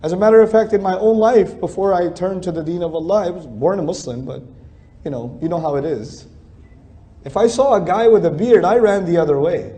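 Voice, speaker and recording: A man's voice: high-pitched, brisk, mellow. A middle-aged man giving a religious lecture in a conversational, emphatic way, repeating phrases for stress. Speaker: Islamic speaker.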